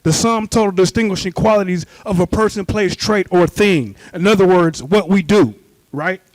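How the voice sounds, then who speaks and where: A man, a shop steward, asking the panel a question into a handheld microphone, halting and earnest with formal phrasing. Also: high-pitched, darkish tone, no room sound. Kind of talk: audience question at a live event.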